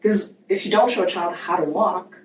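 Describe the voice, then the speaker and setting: A woman guest explains child-rearing ideas in an animated, meandering way, circling back on herself as she talks. Her voice is on the low side. She sounds distant from the mic in a reverberant room with faint background noise. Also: normal speed, dull audio. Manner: animated, rambling with many fillers and restarts. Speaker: guest parenting educator. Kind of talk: casual conversational interview.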